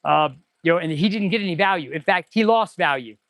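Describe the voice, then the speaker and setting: A man who runs an auto repair shop, chatting casually and excitedly on a livestream while he tests parts, rambling to viewers as he works. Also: high-pitched, quick pace, no echo. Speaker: auto mechanic and shop owner hosting a livestream. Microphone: clip-on mic.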